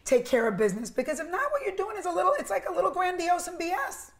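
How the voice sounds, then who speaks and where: A middle-aged woman with a New York accent, from Cuba, speaking in a high, bright register. She tells her story as an interview guest with animated, emphatic energy. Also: fast talker. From Cuba, raised in New Jersey. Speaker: interview guest, media executive. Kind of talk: casual conversational interview.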